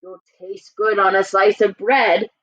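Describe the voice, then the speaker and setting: A woman voicing a big, hungry, gullible male monster in a read-aloud picture book, speaking slowly and drawn out. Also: medium pitch, little pitch movement, fairly bright tone, dry recording, highs cut off, lightly acted. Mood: gruff.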